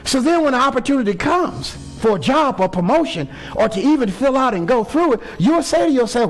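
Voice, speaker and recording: High-pitched, fiery male preacher. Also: very animated, a little fast, few pauses, faint music behind. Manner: impassioned, call-and-response with congregation. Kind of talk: sermon. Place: church sanctuary.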